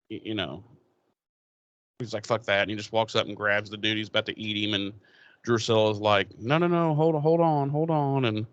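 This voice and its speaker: A man on a podcast, casually retelling an episode with plenty of swearing and offhand paraphrase. His voice sits at an ordinary middle pitch and sounds close and dry, with no room around it. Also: a bit bright, no echo. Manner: loose and profane, paraphrasing characters' lines. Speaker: podcast co-host.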